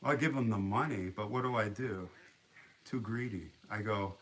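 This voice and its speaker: Lower-voiced man telling a story. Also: moderate pace, a little hiss or hum. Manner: animated, acts out quotes, frequent restarts. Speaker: livestream host. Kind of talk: casual storytelling on a livestream.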